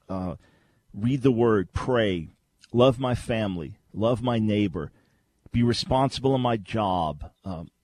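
This radio talk show host is a man running a Christian call-in program, teaching earnestly and conversationally while often restarting his sentences. His voice is medium in pitch, with a darkish, slightly rough tone, captured on a studio microphone.

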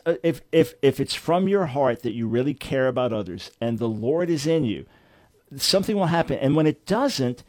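A man's voice: mid-range voice, a little mellow, no room sound. A man hosting a Christian radio talk show, speaking in an earnest, preacherly way and often repeating words as he begins a thought.

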